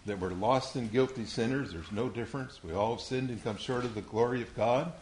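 A man's voice: medium pitch, a little fast, a little mellow, a little hiss or hum. Patient man leading a Bible lesson, quizzing young listeners one by one. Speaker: Bible teacher.

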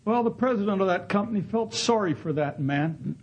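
Earnest male preacher, high husky voice, storytelling sermon. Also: animated, moderate pace, lo-fi sound. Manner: earnest, acts out voices in quoted dialogue. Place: Canada.

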